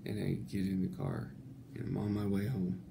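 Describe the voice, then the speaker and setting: A man telling a rambling comic anecdote, swearing freely and breaking into laughter between halting phrases. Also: sits low, completely flat delivery, gravelly, noisy background. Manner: laughs through his words, swears a lot; halting, many restarts. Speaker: storyteller.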